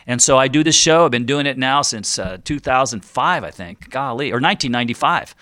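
A man's voice: mid-range voice, animated, a little fast, sharp tone, no echo, studio quality. A man hosting a radio talk show on retirement planning, chatty and jokey, teasing listeners and often laughing at himself. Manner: jokey, chatty, self-deprecating.

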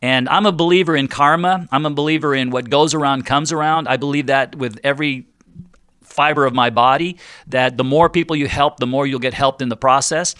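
A man hosts a radio talk show, chatty and joking at his own expense. His voice is bright and crisp, a little higher than most men's, and it sits close and dry on the mic with no room sound. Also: a little fast, no room sound. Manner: jokey, chatty, self-deprecating.

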